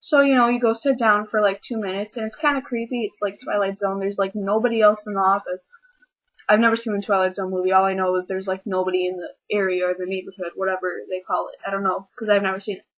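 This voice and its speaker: A woman's voice: mid-range voice, flat delivery. Chatty young woman with lo-fi webcam sound. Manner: chatty, rambling, acts out scenes in quick voices. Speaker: vlogger. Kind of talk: casual comedic rant to camera.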